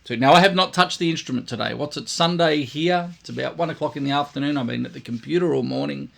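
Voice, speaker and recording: Gravelly trumpet teacher explaining. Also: male voice, on the high side, fast, fairly bright tone. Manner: repetitive, demonstrative, vocalizing sounds. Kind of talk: casual video lesson.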